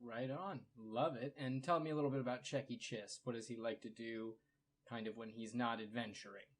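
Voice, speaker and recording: A man runs a tabletop game as game master, speaking in a relaxed, easygoing way. His pitch sits in a middle range. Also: brisk.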